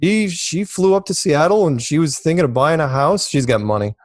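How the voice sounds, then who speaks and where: This man's voice is fairly high and a little fast, recorded at studio quality with no echo. He's a guest in an interview telling casual stories, wandering off track, repeating himself, and voicing other people's lines with energy.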